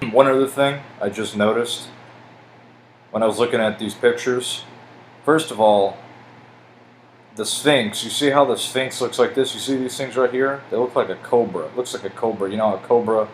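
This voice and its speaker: A man casually rambling over pictures as a video host, excitable and swearing, stumbling as he reads aloud. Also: on the low side, moderate pace, slight background noise, low-quality recording.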